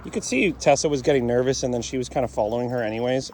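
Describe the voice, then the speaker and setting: A man's voice: mid-range voice, racing, few pauses, a little mellow. Blunt, matter-of-fact male dog trainer. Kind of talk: casual explanatory commentary while training.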